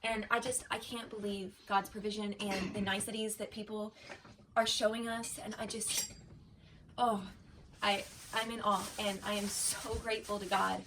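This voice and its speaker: A woman talking in a casual home vlog, close to tears and gushing with gratitude, with halting restarts. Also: mid-range voice, little pitch movement, noisy background. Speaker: vlogger and wife. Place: home kitchen.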